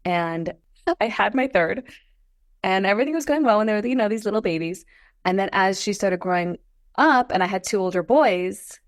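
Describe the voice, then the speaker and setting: A woman in her forties, a podcast guest, telling her story in a casual interview, animated and climbing into high exclamations. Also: no echo, studio quality. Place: Los Angeles.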